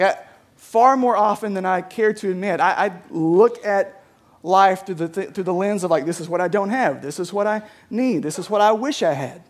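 A man preaching a sermon as a pastor, conversational, with many restarts and frequent "right?" checks to the congregation. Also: high voice. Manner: conversational, repeats words, often asks "right?".

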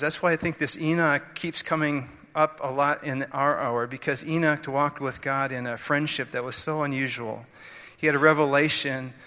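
A man's voice: medium pitch, sharp tone. A man preaching a sermon, explaining scripture earnestly and restarting his sentences often. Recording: long hall reverb.

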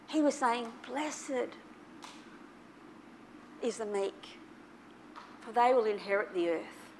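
A woman preaching a sermon to her church, telling a personal story with big swings between soft, quiet passages and loud, excited ones. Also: a little high, slight background noise. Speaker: pastor.

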